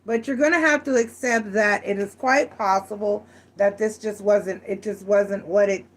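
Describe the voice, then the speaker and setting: A woman's voice: medium pitch, fairly even intonation, moderate pace. A woman giving a casual, frank tarot reading, chatty and full of restarts. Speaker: tarot reader.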